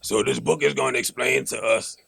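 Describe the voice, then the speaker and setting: A man's voice: mid-range voice, fairly even intonation, brisk, vocal fry, fairly bright tone, breathy edge, dry recording. A man who is a historian guest on a podcast, explaining things earnestly in casual chat.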